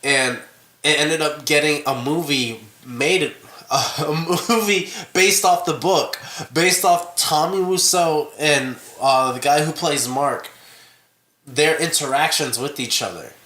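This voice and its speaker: A man's voice: fairly high pitch, takes it slowly, bright, forceful tone. A man co-hosting a podcast, chatting casually and joking with lots of filler words. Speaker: podcast co-host. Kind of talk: casual chat. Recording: echoey room.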